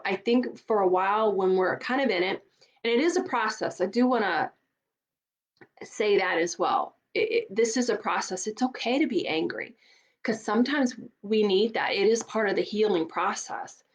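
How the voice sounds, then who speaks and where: A woman's voice: mid-range voice, lo-fi sound. A middle-aged woman coach giving an earnest, emphatic motivational talk, often repeating words for stress. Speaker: divorce coach.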